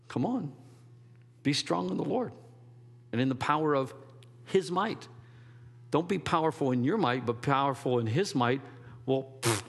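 A man's voice: mid-range voice, expressive, moderate pace, gravelly, long pauses, husky, big-room sound. A man preaching a sermon as a pastor, in a conversational, rambling way with restarts and quoted asides.

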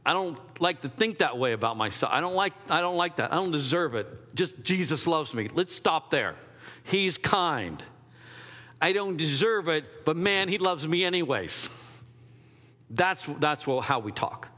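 Animated preaching man in a big hall. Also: fairly high pitch, measured pace. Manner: animated, conversational preaching with acted asides. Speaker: pastor. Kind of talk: sermon.

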